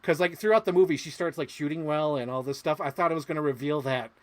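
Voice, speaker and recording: A man co-hosting a casual movie chat podcast, excitable and laughing often, leaping up high when he quotes characters. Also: fast, no room sound. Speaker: podcast co-host.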